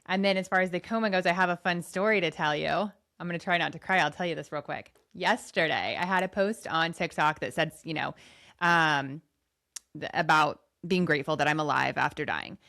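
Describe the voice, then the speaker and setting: A woman's voice: low-pitched, a little fast, gravelly, sharp tone. A middle-aged woman hosting a coaching podcast, telling a heartfelt story in an earnest, conversational way.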